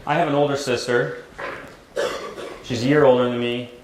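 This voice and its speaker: A middle-aged American man, a therapist, giving a conversational, jokey talk to high school students and often asking "right?". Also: flat delivery, normal speed, a little hiss or hum. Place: large echoey school hall. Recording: roomy hall with faint ambience.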